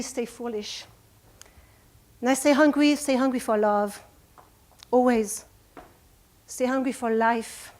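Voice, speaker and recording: A woman's voice: on the high side, darkish tone. A woman in her forties with a French accent, giving an earnest, emotional motivational talk at a retreat. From France. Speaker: speaker. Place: retreat conference room.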